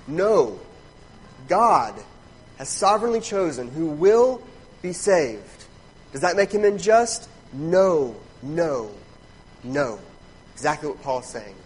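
A man's voice: high-pitched, sing-song, unhurried, breathy edge, poor audio. A man pastor preaching an expository sermon, emphatic, asking rhetorical questions and checking in with "right?".

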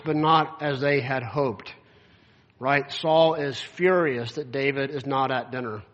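A man's voice: mid-range voice, measured pace, fairly bright tone, lo-fi sound. A man preaching a sermon, reading scripture aloud and explaining it in a casual, conversational way with lots of filler words. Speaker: pastor.

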